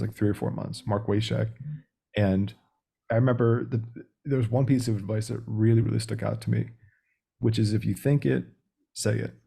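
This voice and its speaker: Gravelly low-voiced man, blunt and direct. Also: warm tone. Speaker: sales coach guest. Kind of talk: casual podcast interview.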